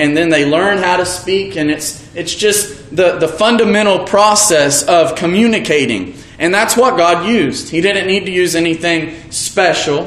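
A man preaching an evening sermon, earnest and halting, slowing down to stress key words. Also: high voice, fairly bright tone. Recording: echoey room.

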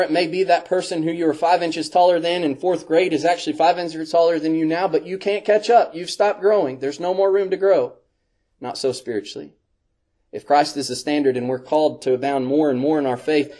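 Mellow-voiced man preaching a sermon. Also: a little high. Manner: earnest, emphatic repetition with slow stressed phrases.

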